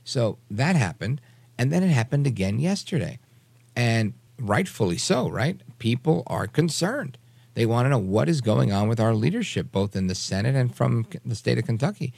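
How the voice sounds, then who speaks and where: A man's voice: medium pitch, big pitch swings, normal speed, creaky, a little mellow, dry recording. A man hosting a radio talk show, giving emphatic, opinionated political commentary and repeating phrases for emphasis.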